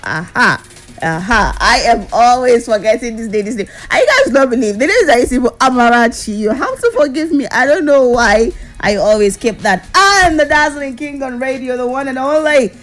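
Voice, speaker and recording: A Nigerian woman hosting a radio show with lively, teasing banter, in a radio studio. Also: a little high, normal speed, soft background music. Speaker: radio host.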